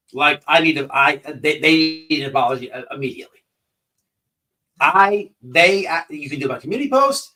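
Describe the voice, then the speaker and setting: A man's voice: medium pitch, pushed and bright, distant mic, low-quality recording. A man hosting an online commentary show, ranting in a profane, confrontational, repetitive way.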